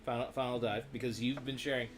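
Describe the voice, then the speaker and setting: A man's voice: medium pitch, flat delivery, fast talker. A man hosting a podcast, joking around and asking rambling questions in a casual chat. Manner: playful, jokey, rambling questions. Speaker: host.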